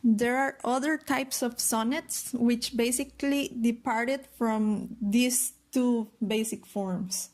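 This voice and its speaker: A woman's voice: on the high side, steady tone, takes it slowly, few pauses, darkish tone. A woman giving a poetry lesson in a careful, methodical way, spelling out rhyme schemes.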